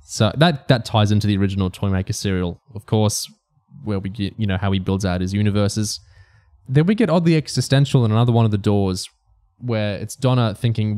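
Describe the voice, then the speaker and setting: A man's voice: lowish voice, brisk, dark tone. A man co-hosting a podcast, discussing a book and reading passages from it aloud. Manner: reads quoted passages aloud between comments. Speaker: podcast co-host.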